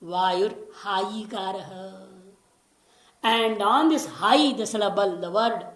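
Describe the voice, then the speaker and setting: A woman teaching scripture, explaining patiently, repeating key words and slowly chanting Sanskrit lines. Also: mid-range voice, animated, reverberant. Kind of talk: lecture on scripture.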